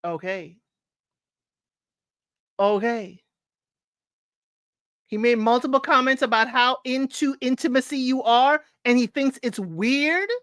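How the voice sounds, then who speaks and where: A woman's voice: fairly high pitch, slow, long pauses, no room sound. Exasperated woman host reading online posts. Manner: animated, exasperated, talks straight to listeners. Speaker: advice show host.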